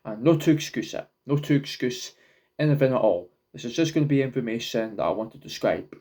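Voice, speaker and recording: Animated yet mellow, the young man's mid-range voice carries his rambling vlog talk to camera. He often halts, repeating words and starting over.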